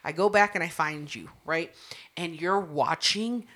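A woman's voice: low voice, a little slow. A woman co-hosting a podcast, telling a story in casual chat, swearing a lot, laughing often and acting out what people said. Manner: profane, animated, laughs often, acts out quotes. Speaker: podcast co-host.

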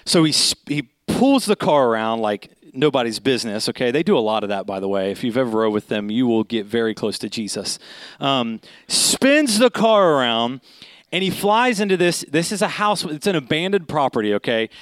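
A man in his thirties delivers a sermon as a lively, conversational story, leaning on "okay?" and "right?" to keep the listener with him. His voice sits at a middle pitch. The sound is dry, with no room echo. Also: moderate pace. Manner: animated, conversational, keeps asking "okay?".

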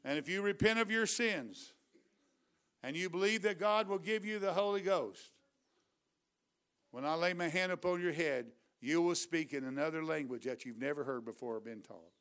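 A man preaching a revival sermon with a drawl. His voice sits high and comes through smooth and clear. He moves from hushed storytelling to loud, fervent exhortation. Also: moderate pace.

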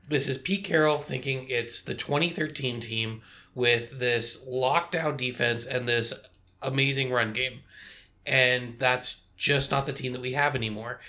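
A man co-hosting a sports podcast, giving quick, analytical breakdowns and reading off stats. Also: mid-range voice, sharp tone. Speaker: podcast co-host.

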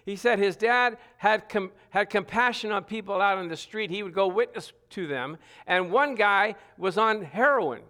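A middle-aged man preaching a sermon, earnest, stressing scripture with repeated phrases and some halting restarts. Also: high voice, sharp tone. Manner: earnest, reads scripture aloud with emphatic repetition.

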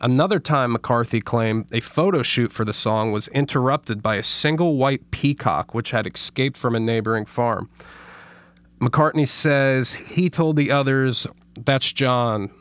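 A man's voice: medium pitch, measured pace, dry recording. A man co-hosting a casual podcast, reading stories aloud with stumbles and frequent laughter. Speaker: podcast co-host.

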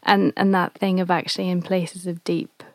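A woman's voice: on the low side, flat delivery, moderate pace, darkish tone, dry recording. A woman hosting a podcast interview, thoughtful and searching for her words as she asks questions. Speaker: podcast host. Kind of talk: casual interview chat.

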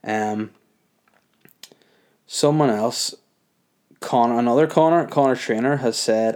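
Rambling young comedian. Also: male voice, medium pitch, takes it slowly, pauses often, darkish tone. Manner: laid-back, rambling with many fillers. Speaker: comedian podcast host. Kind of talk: casual solo podcast chat.

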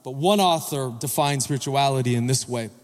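Speaking a little fast at a medium pitch, a man preaches in a church sanctuary as its pastor. He keeps asking the congregation questions and inviting them to respond, while the big hall lends a long reverb.

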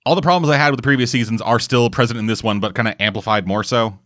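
A man co-hosting a casual podcast, ranting with heavy swearing in an animated way. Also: mid-range voice, rapid-fire, no echo, clean studio sound. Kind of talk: casual chat.

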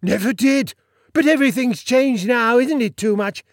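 A man's voice: very high voice, moderate pace, no room sound, studio quality, voice pushed up. A man voicing a pompous, boastful little Sultan in a story reading, talking in a bossy, self-satisfied way. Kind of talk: audiobook character voice.

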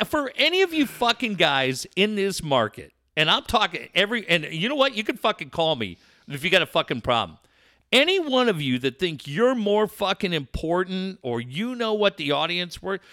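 A man's voice: sits high, pushed and bright, no echo, clean studio sound. A man hosting a talk show, ranting angrily and swearing constantly. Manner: angry, profane, ranting. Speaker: sports radio host.

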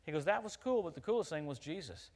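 Man, middle-aged, preacher, slightly high voice, emphatic then conversational, laughs between stories. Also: quick pace. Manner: swings from loud emphatic preaching to low storytelling; animated, laughs at his own stories. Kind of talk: sermon.

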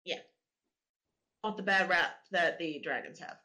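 A woman who does voice acting, chatting as a guest on a podcast and giggling through quick asides. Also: fairly low pitch, pushed and bright, low-quality recording. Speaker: guest voice actor. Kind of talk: casual podcast chat.

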